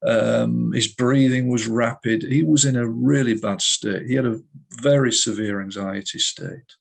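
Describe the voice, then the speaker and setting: A middle-aged man, a hypnotist guest in an interview, telling vivid stories in a measured way. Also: mid-range voice, steady tone, gravelly. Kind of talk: storytelling interview.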